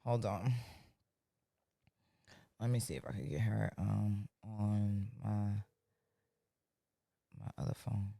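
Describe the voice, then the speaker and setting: A woman's voice: a bass voice, takes it slowly, vocal fry, long pauses. Blunt, profane New woman. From New York. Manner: blunt, profane, animated storyteller. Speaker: podcast host. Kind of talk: casual chat.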